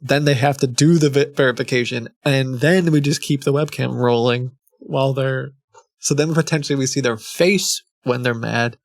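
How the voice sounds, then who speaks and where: A man's voice: medium pitch, moderate pace, no room sound. A man hosting a stream, chatting casually in a rambling, self-interrupting way and laughing at himself. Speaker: streamer host. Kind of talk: casual chat.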